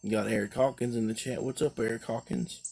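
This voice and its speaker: A man's voice: mid-range voice, fairly even intonation, fairly quick, creaky, a little mellow, husky, soft background music. A tired, drowsy man chatting casually on a live stream while sitting outdoors on his porch, rambling in a laid-back way. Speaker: livestream host.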